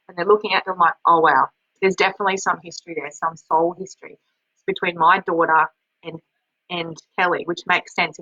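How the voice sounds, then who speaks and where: A woman's voice: on the low side, bright, forceful tone, no echo, lo-fi sound. A woman hosting a webinar, talking casually and rambling with many restarts. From Australia. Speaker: webinar host and healer.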